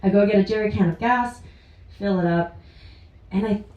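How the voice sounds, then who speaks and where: The recording is muffled, roomy and distant, capturing a woman from Ontario, Canada onstage at a small indoor live venue. Her mid-range, slightly mellow voice moves at a moderate pace as she chattily tells a true personal story, often laughing as she speaks.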